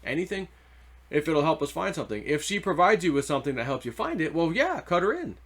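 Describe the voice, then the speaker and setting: A man's voice: a little high, big pitch swings, fast talker, fairly bright tone. Rambling man telling a treasure story. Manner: rambling, loose, full of "like" and "you know". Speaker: treasure-hunting video host. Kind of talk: casual storytelling monologue.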